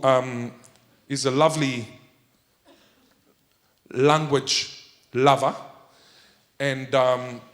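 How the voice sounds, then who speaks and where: A man's voice: a little high, a bit bright. Playful man giving a keynote talk. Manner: playful, jokey, quizzes the audience. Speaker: keynote speaker. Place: conference hall with audience.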